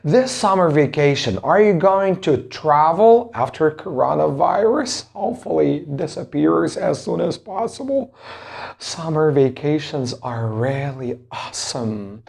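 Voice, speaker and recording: Animated man teaching English pronunciation. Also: a little high, vocal fry. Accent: Arabic. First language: Arabic. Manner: emphatic, drawn-out word drills and rhetorical questions. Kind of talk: spoken English lesson.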